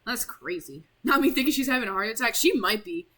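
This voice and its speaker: A woman's voice: on the high side, lively intonation, fast, a bit bright, low-quality recording. A young woman casually commenting while streaming a game, rambling and apologetic, with lots of "like". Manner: chatty, rambling, heavy use of "like", apologetic.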